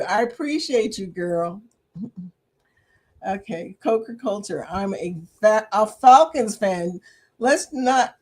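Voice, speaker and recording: An older woman hosting a casual livestream chat, reading viewer comments aloud and laughing often between remarks. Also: fairly high pitch. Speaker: livestream host.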